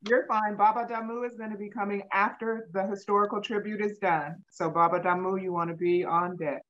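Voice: mid-range voice, steady tone, fairly quick, a bit bright. Chatty moderator on a dull video call. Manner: laughing, chatty, affectionate. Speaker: service moderator. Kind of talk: casual online meeting hosting.

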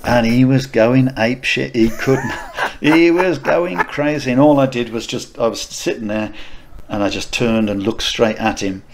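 A man's voice: mid-range voice, a little slow, creaky, few pauses, slight background noise. A middle-aged man co-hosting a podcast, telling anecdotes casually with many restarts and laughs. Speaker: podcast co-host. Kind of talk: casual chat, storytelling.

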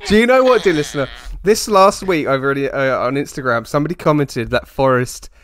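A man's voice: fairly high pitch, a little fast, a bit bright, no room sound. Playful British man with a wheezy laugh. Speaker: podcast co-host. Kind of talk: casual chat.

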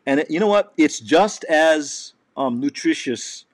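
A man's voice: a little high, animated, slow pace, dry recording. Chatty man hosting a live show. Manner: laughs often, reads viewer comments aloud, rambling. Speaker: comedy show host. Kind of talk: casual live chat show.

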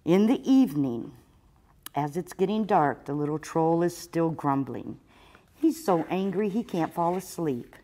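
A woman's voice: lowish voice, lively intonation, a little slow, warm tone. A woman children's librarian reading a picture book aloud expressively for storytime.

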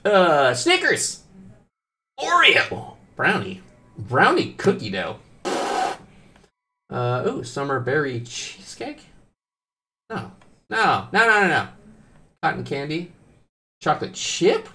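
Male game streamer, very lively pitch swings, casual and profane banter with viewers. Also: takes it slowly, long pauses. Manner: animated, swears often, jokes with chat. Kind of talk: casual live-stream commentary.

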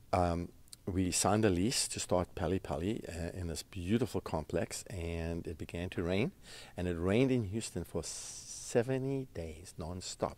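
A man, a restaurant founder, telling his story in an interview in an earnest, halting way, with fillers and restarts. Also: low-pitched, darkish tone. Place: red carpet event.

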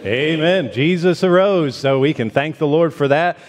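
A man's voice: on the high side, moderate pace, music in the background. A man from the northern United States giving a folksy sermon as guest preacher, with many fillers and restarts. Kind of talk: sermon with a joke. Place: church sanctuary. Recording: long church reverb.

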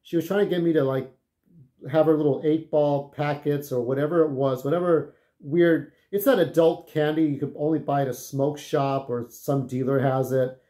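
A man's voice: fairly high pitch, fairly even intonation, moderate pace, warm tone. A man telling casual, rambling stories, full of swearing, who keeps checking in with "okay?". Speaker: vlogger. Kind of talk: casual storytelling.

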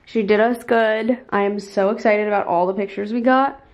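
A young woman vlogging casually, bubbly and excitable, often laughing. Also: medium pitch, normal speed, no echo, dull audio. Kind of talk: casual vlog chat.

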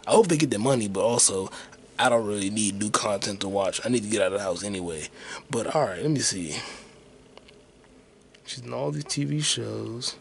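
Alone on his own podcast, a man rambles profanely as he looks things up online and thinks aloud. His voice is fairly low and gravelly, a little fast, with long pauses and slight background noise.

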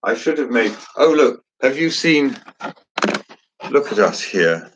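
A man's voice: medium pitch, big pitch swings, slow pace, background noise. A man hosting a casual chat, joking and chatty with theatrical asides. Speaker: host.

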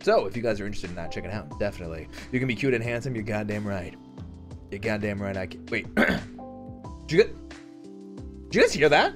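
Man with a lively, bouncing voice. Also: fast talker, pauses often, over music. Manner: playful and flirty, with frequent laughs and jumps to high squeals. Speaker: café roleplay streamer host. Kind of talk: casual live-stream chat and café roleplay.

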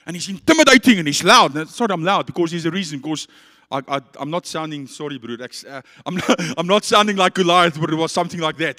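South african pastor preaching hard, kinda high voice, long church reverb. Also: male voice, lively intonation, fast. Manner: passionate, dramatic, swings between loud and quiet. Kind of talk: sermon.

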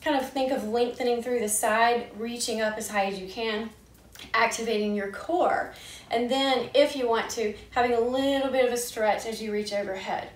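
A woman leading a gentle yoga class, giving calm, soothing cues paced with the breath. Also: on the high side, moderate pace, far from the mic. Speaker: yoga instructor. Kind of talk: gentle guided yoga instruction. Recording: echoey room, voice a bit off-mic.

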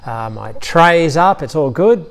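A man with an Australian accent preaching an Easter sermon, retelling scenes with lively storytelling asides. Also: on the high side, unhurried, clear, resonant tone. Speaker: pastor.

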